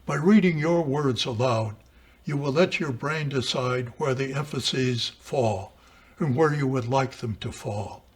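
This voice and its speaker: A man reading a lesson on composition aloud in a measured, deliberate way. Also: medium pitch, husky. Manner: measured, deliberate, with dramatic emphasis on quotations. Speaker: writing teacher. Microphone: camera mic.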